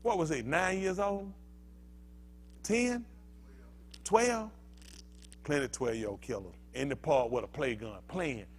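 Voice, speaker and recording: A man's voice: a little high, slow pace, pauses often. An older male pastor giving a fiery sermon, heated and emphatic, firing rhetorical questions at the congregation.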